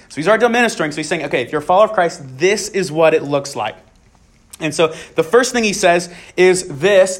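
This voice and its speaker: A young man with a high voice gives an earnest Bible talk to students. He speaks casually, with plenty of "just" and "so", and repeats his main points for emphasis. His tone stays sincere and plain throughout. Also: a bit bright. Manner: casual filler-laden phrasing, many "just" and "so". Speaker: student ministry leader. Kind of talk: youth Bible talk with prayer.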